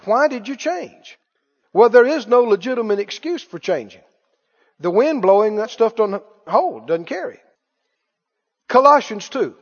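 A man preaching a sermon, emphatic, repeating key phrases, with quick asides and laughs. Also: very high-pitched, big pitch swings. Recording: muffled reverberant hall recording.

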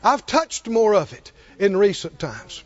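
Male preacher, high voice with a swinging, lively delivery, emphatic sermon style, dull lo-fi recording. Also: measured pace. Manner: emphatic, with rhetorical questions to the congregation.

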